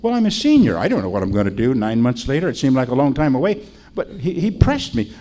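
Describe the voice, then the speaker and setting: A man's voice: mid-range voice, very animated, quick pace, hardly any pauses, dark tone. An older man preaching in a chatty, storytelling way, often asking his listeners questions. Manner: folksy, chatty, asks the audience. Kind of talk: storytelling sermon.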